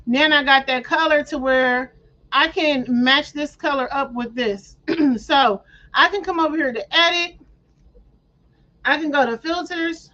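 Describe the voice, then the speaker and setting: Through dull, lo-fi audio, a woman with a high, bright, forceful voice walks viewers through a craft tutorial on screen share at a measured pace. She narrates every click casually with playful slang, often clearing her throat.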